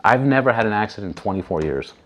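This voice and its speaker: On a casual podcast, a man with a fairly low, quick voice tells a long story with animation, swearing freely and acting out what others said. A little hiss or hum sits under the recording.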